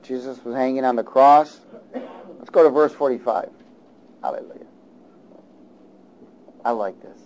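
A man preaching a sermon and reading scripture, calling out to the congregation and swinging between loud and soft. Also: mid-range voice, moderate pace, poor audio. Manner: call-and-response, rises loud and falls soft.

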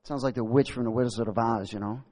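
A man's voice: medium pitch, fairly even intonation, fast, darkish tone. A male pastor preaching and reading scripture aloud, exclaiming and laughing often. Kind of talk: sermon.

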